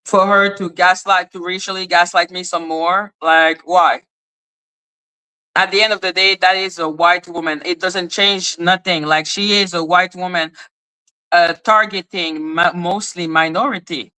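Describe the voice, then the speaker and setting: Blunt, forceful woman ranting on a livestream. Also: lowish voice, steady tone, measured pace, low-quality recording. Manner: blunt, sarcastic and confrontational. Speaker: livestream host. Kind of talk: casual livestream rant reacting to chat.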